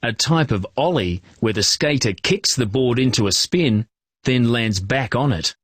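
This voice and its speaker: A man narrating a children's reading program, giving clear, encouraging instructions and praise. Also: mid-range voice, animated, a little slow, a bit bright, no room sound, studio quality.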